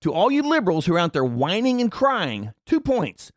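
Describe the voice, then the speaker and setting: A man's voice: high-pitched, wildly swooping pitch, normal speed, dry recording, clean studio sound. A man, ranting sarcastically and indignantly in political commentary. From Tennessee. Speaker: commentary vlogger.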